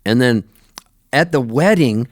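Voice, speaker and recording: A middle-aged man telling lively anecdotes in a radio interview, laughing often and jumping his voice up high when he quotes himself. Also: measured pace, no room sound, clean studio sound. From Canada, raised in Southern California. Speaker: touring musician, guest. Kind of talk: animated storytelling in a radio interview.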